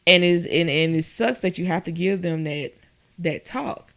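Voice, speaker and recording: A woman's voice: moderate pace, fairly bright tone. A young adult woman chatting casually and telling stories from her working life, acting out what others said. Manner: storytelling, quotes people in a higher voice. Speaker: guest. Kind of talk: casual chat.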